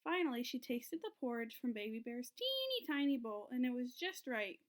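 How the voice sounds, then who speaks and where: Woman teacher, storybook read-aloud, sing-song, lively rising and falling pitch, slightly high. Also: moderate pace.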